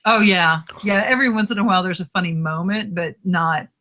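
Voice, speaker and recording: A woman's voice: on the low side, a little fast, sharp tone. A woman co-hosting a podcast and teaching writing, chatting casually, laughing often and restarting her sentences.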